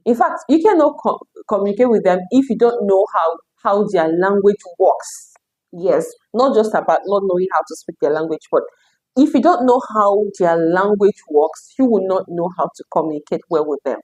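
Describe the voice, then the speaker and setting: A young Nigerian woman with a Nigerian accent, casually drilling new words aloud, repeating them with bursts of excitement. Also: mid-range voice, moderate pace, breathy edge. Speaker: language learner vlogger. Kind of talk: casual self-study lesson.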